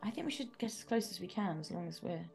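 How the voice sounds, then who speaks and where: A woman's voice: lowish voice, animated, fast talker, creaky, a little mellow, slightly rough. A woman playing a tabletop game, chatting in a bubbly, giggly way over faint music. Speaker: player. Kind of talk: casual chat.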